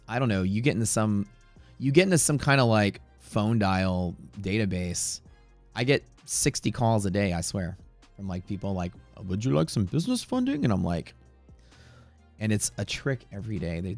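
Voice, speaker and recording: A man's voice: lowish voice, normal speed, faint music behind. A man hosting a live day-trading stream, talking in a chatty, rambling way that turns profane at times. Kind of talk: casual live-stream commentary. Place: Houston area.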